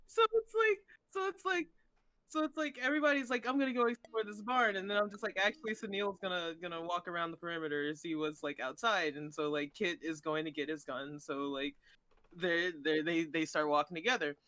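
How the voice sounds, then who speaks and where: A woman's voice: lowish voice, brisk, bright, forceful tone. A woman in casual chat, retelling a tabletop game session with many fillers and restarts.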